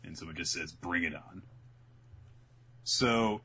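Forceful husky man, animated podcast host. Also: low voice. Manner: animated, acts out scenes in quick voices. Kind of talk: casual chat.

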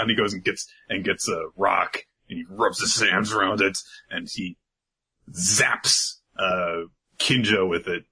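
A man casually recapping an anime episode on a podcast, animated and laughing as he goes. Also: sits low, measured pace, breathy edge. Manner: animated, laughing, slips into character voices. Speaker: podcast co-host.

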